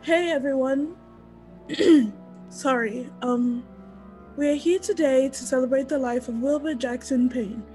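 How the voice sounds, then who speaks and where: Woman playing a blunt coworker, high voice, faint music under. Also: unhurried, long pauses, warm tone. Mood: eulogizing. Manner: blunt and scolding. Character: sharp-tongued female coworker, loyal and blunt. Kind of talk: audio drama acting.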